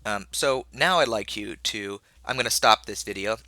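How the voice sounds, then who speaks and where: Low-voiced male instructor, bright and dry. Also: moderate pace, dry recording. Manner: casual, rambling with many fillers and restarts. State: slightly ill, coughing. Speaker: college instructor. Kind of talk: recorded video lecture.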